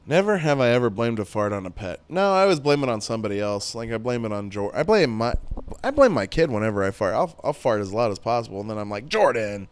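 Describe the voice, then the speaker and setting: A man's voice: fairly low pitch, very animated, quick pace, smooth. A man in his thirties hosting a podcast solo, rambling and joking crudely in casual chat. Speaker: podcast host.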